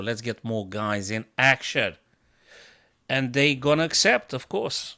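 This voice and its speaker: A man's voice: mid-range voice, slow, bright, forceful tone, clear, resonant tone. A chess coach streaming live, a man thinking aloud over his moves, self-mocking and bursting into exclamations.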